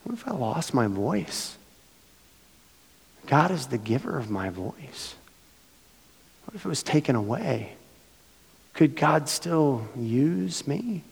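A middle-aged man preaching a sermon as pastor, his voice hoarse from losing it, earnest and building to emphatic passages. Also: on the high side, big pitch swings, slow, pauses often, a little mellow, big-room sound. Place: church sanctuary.

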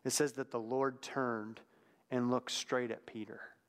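A man's voice: medium pitch, level tone, a little slow, smooth. Reflective male preacher in a reverberant hall. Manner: conversational and reflective, drops to a hushed tone at times. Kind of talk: sermon.

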